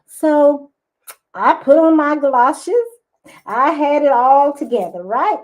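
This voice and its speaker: A middle-aged woman talks as a podcast guest, telling her stories in an animated, expressive way. Her talk is casual and warm-hearted in tone, with rising bursts of excitement. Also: high voice, a little slow. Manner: lively storytelling, expressive. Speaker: guest, business owner. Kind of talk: casual interview chat.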